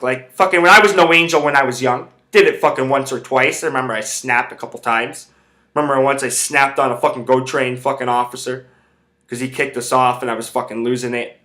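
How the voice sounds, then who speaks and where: Male podcast host, brash and profane, tense bright voice, loose rambling delivery. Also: medium pitch, fairly even intonation, a little fast. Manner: rambling, heavy swearing. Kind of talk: casual storytelling rant.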